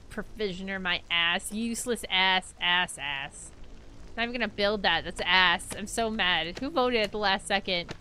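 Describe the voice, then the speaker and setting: A woman live-streaming a game in casual commentary, excitable and swearing freely, with yelled outbursts at the game. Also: medium pitch, moderate pace, a little hiss or hum.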